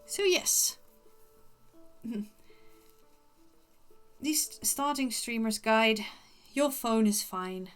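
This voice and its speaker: A woman livestreamer putting on the voice of a prim, posh upper-class lady, with formal, deliberate diction. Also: a little high, expressive, clear, resonant tone, soft background music.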